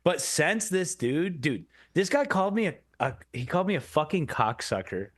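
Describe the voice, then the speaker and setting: This young man tells stories in an animated voice, climbing up high and dropping low as he goes. He chuckles through his lines, and the recording is close and dry, like a podcast mic. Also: normal speed, no echo. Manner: animated, laughs through his story, drops into a gruff growl for quoted lines. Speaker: podcast co-host. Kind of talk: casual comedic storytelling.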